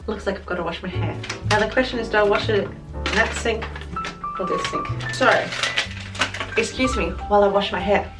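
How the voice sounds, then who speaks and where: A woman's voice: mid-range voice, a little fast, long pauses. Australian woman vlogger, chatty and self-correcting, echoey home room. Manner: chatty, rambling, corrects herself mid-sentence. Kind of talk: casual chat to camera. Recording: roomy echo, mic at a distance, music behind. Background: music.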